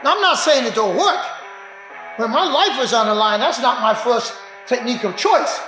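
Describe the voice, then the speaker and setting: A man teaching self-defense in a training room, talking emphatically and now and then shouting as he acts out street confrontations. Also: extremely high pitch, animated, moderate pace, over music. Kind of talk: animated teaching demonstration. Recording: roomy echo.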